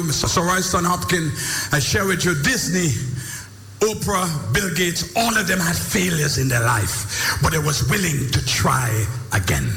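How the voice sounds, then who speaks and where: A man giving an emphatic, preacher-like motivational speech, swinging between booming lines and low ones. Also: sharp tone, reverberant, big-room sound. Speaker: motivational speaker.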